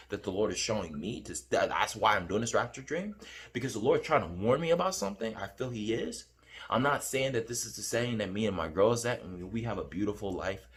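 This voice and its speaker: A man telling about a dream in casual spoken storytelling, earnest and rambling, repeating himself. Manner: hums a tune with rising pitch. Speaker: vlogger recounting a dream.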